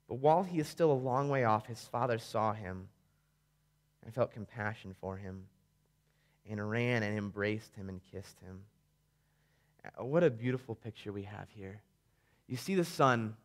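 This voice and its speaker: Male preacher, high voice, dramatic storyteller who drops to a hush for effect. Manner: vivid storytelling, swinging between loud emphasis and hushed tones. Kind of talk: sermon.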